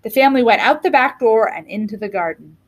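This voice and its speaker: A woman reading a children's storybook aloud with an expressive, lilting delivery. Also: a little high, fast. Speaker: reader.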